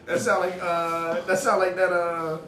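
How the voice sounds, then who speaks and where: A man co-hosting a casual podcast, bantering and reacting with loud exclamations. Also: high-pitched, little pitch movement, unhurried, reverberant, a little hiss or hum. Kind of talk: casual chat.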